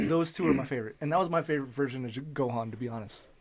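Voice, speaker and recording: A young man co-hosting a casual podcast chat, talking in a relaxed, hesitant way with pauses and light laughter. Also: mid-range voice, creaky, crowd noise. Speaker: podcast co-host.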